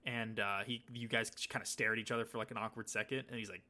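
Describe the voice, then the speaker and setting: A man's voice: on the low side, flat delivery, fast talker, pushed and bright. A man co-hosting a casual podcast, telling a story in a rambling way and acting out the lines he quotes. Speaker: podcast co-host. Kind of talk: casual chat.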